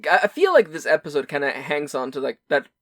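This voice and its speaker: Animated, rambling podcast co-host. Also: medium pitch, fast talker, dry recording, studio quality. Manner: rambling, animated, restarts often, swears casually. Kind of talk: casual chat.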